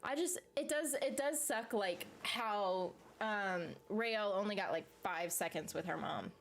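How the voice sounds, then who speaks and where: A woman's voice: medium pitch, lively intonation, measured pace, slight background noise. Chatty woman reading stream comments. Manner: chatty, rambling, laughs often, reads comments aloud. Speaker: YouTube streamer reading chat. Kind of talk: casual live-stream chat about a TV series.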